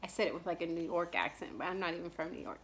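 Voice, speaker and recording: A woman in her thirties from Texas, chatting casually into the camera as a cross-stitch vlogger. She rambles along, full of fillers and restarts, and clears her throat now and then because of allergies. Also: lowish voice, rapid-fire, fairly bright tone. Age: 30s. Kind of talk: casual chat.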